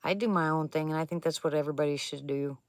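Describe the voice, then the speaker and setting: A woman's voice: sits low, quick pace, dry recording, studio quality. A woman chatting casually with viewers on a livestream from an attic at home, laughing often and answering them by name. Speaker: livestream host reading viewer chat.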